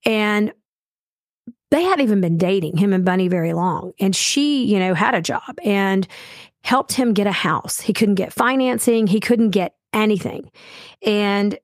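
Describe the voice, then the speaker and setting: A woman's voice: mid-range voice, expressive, a little slow, dry recording. Brief: woman co-host with a mid-range voice, chatty and heartfelt, dry close sound. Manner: chatty, heartfelt, many fillers. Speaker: podcast co-host. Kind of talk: casual chat.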